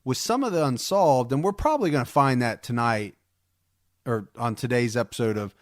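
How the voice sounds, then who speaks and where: A man's voice: mid-range voice, lively intonation, moderate pace, no echo. A man co-hosting a podcast in an easygoing chat, his mid-range voice close and dry. He rambles, circles back, and restarts sentences with eager energy. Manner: rambling, repeats words, enthusiastic. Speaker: podcast co-host.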